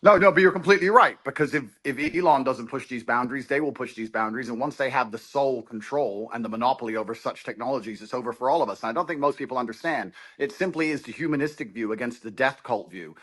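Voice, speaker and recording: A man as a guest in a heated political talk, speaking forcefully and declaratively. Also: medium pitch, fast, few pauses.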